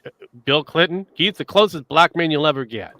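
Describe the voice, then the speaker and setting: A man's voice: on the high side, animated, a little fast, over a noisy crowd. A man in casual livestream chat, profane and sardonic, often laughing.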